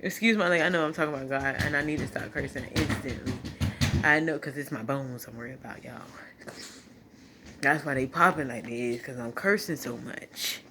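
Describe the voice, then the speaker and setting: A woman's voice: very deep voice, fairly quick, pushed and bright, faint music behind. A tearful woman, giving an emotional casual testimony into her phone at home, laughing and preaching as she talks. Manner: talks through tears, laughing and preaching at once. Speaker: vlogger sharing a testimony. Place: home at night.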